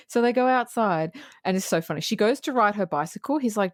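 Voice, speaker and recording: A woman's voice: medium pitch, expressive, fairly quick, no echo, clean studio sound. Laughing woman retelling movie scenes. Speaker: podcast co-host. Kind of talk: casual movie review chat.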